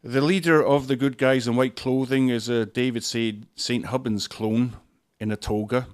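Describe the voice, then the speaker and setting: A man, hosting a podcast and reviewing a film in a dry, sarcastic monologue full of deadpan jokes. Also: medium pitch, moderate pace. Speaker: podcast host.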